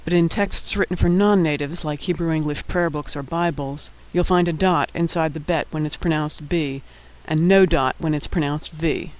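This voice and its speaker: A man giving a scripted lesson, naming each letter and explaining its sound in a patient, clear way. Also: on the high side, fairly even intonation, moderate pace, few pauses, poor audio. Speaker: teacher. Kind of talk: scripted instructional narration.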